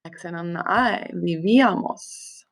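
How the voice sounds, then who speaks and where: A woman's voice: fairly low pitch, unhurried, vocal fry. A woman teaching a recorded language lesson, explaining step by step with patience, small slips and fillers. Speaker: Spanish teacher. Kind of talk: recorded screen-share lesson.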